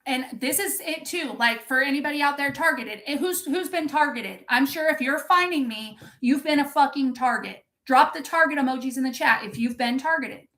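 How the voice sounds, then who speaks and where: High-voiced woman ranting on a livestream, swearing a lot, pumped up, talking back to chat. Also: normal speed, few pauses, fairly bright tone. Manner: intense, profane, impassioned; reads and answers chat. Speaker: motivational coach. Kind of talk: live-streamed pep talk.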